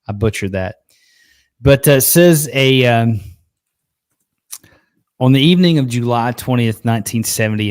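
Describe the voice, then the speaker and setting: A man's voice: mid-range voice, darkish tone, dry recording. A man with a Southern Arkansas accent hosting a live podcast in an easygoing, folksy way, laughing often. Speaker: podcast host. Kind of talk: casual live podcast chat.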